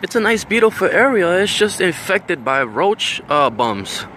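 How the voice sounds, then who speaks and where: Man, vlogger, casual storytelling, profane, animated, swooping pitch, bright tone. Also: unhurried, slight background noise.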